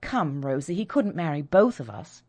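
Spirited young woman, read by a woman, good-humoured, lively and animated. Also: sits low, normal speed, no room sound, exaggerated voice.

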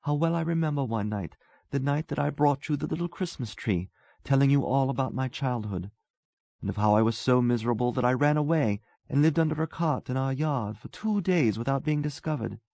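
A man's voice: mid-range voice, brisk, creaky, dark tone, no echo, voice pushed up, lightly acted. A man reading a story aloud, voicing a talkative, self-absorbed young man who muses earnestly.

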